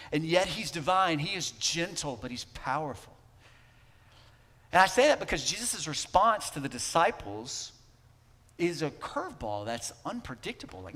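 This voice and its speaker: A man preaching a sermon as pastor, talking conversationally and swinging between emphatic lines and hushed ones. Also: on the high side, in a large hall. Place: church sanctuary.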